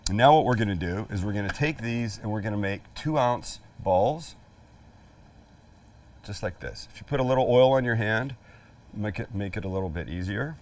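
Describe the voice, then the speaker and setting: A man's voice: fairly low pitch, expressive, moderate pace, far from the mic. A man hosting a live cooking demonstration, chatty and jokey, poking fun at himself. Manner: jokey, chatty, self-deprecating. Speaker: cooking show host.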